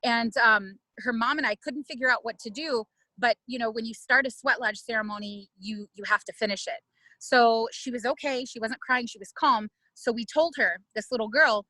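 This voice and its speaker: A woman's voice: fairly high pitch, moderate pace, no room sound, poor audio. A middle-aged woman, an ethnobotanist, leading a virtual plant walk in a casual, conversational way, telling stories with frequent fillers. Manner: conversational, many fillers, warm storytelling pace. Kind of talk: casual teaching and storytelling.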